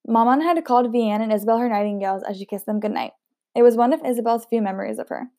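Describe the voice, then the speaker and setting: A woman reading a novel aloud in a steady voice, with chatty asides. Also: fairly high pitch, fast, dry recording, clean studio sound. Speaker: audiobook reader.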